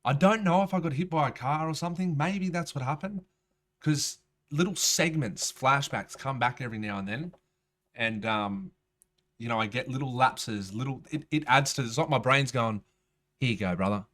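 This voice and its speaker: A man's voice: medium pitch, moderate pace, a bit bright. A man, a rapper telling a rambling, profane story in casual storytelling style. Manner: profane, rambling, streetwise slang.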